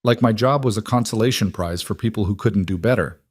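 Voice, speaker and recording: A man's voice: lowish voice, fairly quick, no room sound, clean studio sound, natural voice. A man voicing a hurt, fragile woman who speaks in a tight, brittle, shaky way.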